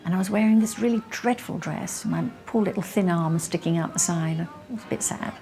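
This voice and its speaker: A woman being interviewed, recalling her childhood with lively, self-mocking humour. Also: lowish voice, brisk, soft background music. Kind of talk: nostalgic interview.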